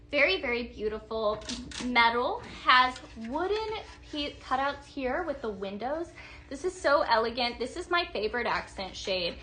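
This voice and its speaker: Bubbly high-voiced woman showing decor. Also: pushed and bright, a little hiss or hum. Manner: bubbly, gushing, chatty with viewers. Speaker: livestream home decor presenter. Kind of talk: live product demonstration.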